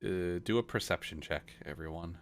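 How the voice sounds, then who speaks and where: Man, very deep voice, game master, rambling narration, faint music behind. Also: moderate pace. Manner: rambling, many fillers and restarts.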